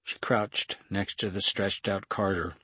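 A man narrating an audiobook thriller in a steady, even reading on a close mic. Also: low voice, unhurried, slightly rough, no echo.

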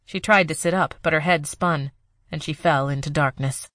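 A woman reads an audiobook in a steady, measured way. Her voice sits on the low side for a woman. The recording is dry and close, with no room sound. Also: no echo. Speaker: audiobook narrator. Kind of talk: scripted narration.

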